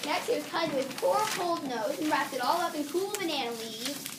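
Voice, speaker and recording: A woman teacher reading a children's story aloud, pausing now and then to correct herself. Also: high voice, lively intonation. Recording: distant mic with faint background hiss.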